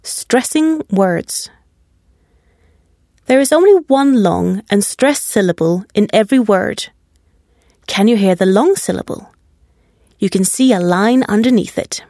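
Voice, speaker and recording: A woman narrating a scripted language lesson, reading words one at a time with careful, deliberate pronunciation. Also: mid-range voice, animated, dark tone, dry recording, clean studio sound. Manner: slow, deliberate, carefully enunciated word drills.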